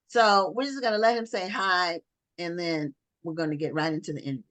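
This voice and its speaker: A woman hosting a talk show over a video call, chatty and quick to laugh. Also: on the low side, a bit bright, dry recording. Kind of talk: casual interview chat.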